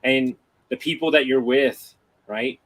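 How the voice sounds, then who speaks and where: A man on a podcast chat, telling a lively story, playing out both sides of a conversation and swearing casually. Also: medium pitch, measured pace, rough recording. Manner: animated storyteller, acts out dialogue, swears freely. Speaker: guest.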